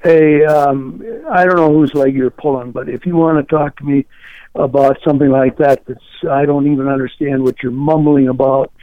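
A man's voice: medium pitch, fairly even intonation, normal speed, no echo. A man on a phone call, flustered and defensive. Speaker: prank call target. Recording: dry tinny phone line.

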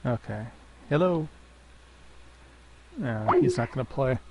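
A man's voice: medium pitch, expressive, takes it slowly, dark tone, slight background noise, low-quality recording. A man hosting prank calls, chatting in a crude, joking way and laughing easily. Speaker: prank call host. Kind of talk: casual prank call banter.

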